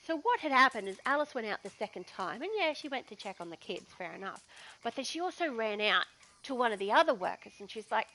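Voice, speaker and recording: A woman's voice: fairly high pitch, expressive, quick pace, bright, forceful tone, poor audio. A woman with an Australian accent telling a story in a chatty, digressive way as a gaming vlogger. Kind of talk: casual storytelling.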